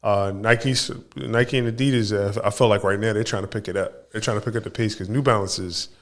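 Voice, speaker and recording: A man co-hosting a podcast in casual chat, easygoing and quick to laugh. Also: lowish voice, fairly even intonation, fairly bright tone. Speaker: podcast co-host.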